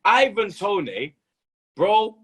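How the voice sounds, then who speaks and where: A young man runs a football talk show in a fast, slang-heavy rant, dropping "blood" and "bro" at the end of almost every line. His voice sits fairly high with a husky edge. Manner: loud, animated street slang, repeats "blood" and "you understand". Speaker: football pundit host. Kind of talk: casual football banter.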